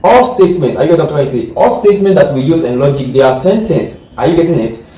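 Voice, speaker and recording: Talking fast in a warm, expressive, fairly high voice, a man lectures his class, often checking whether they're getting what he's trying to say and repeating or restarting words as he goes. It's a rough recording from a distant mic in an echoey room.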